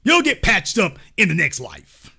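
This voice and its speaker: Guy doing a smug rich dude, patronizing and sarcastic, kinda high pitched. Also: wildly swooping pitch, a little slow, vocal fry, pushed and bright, slightly rough, full character voice. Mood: mocking. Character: smug condescending wealthy man.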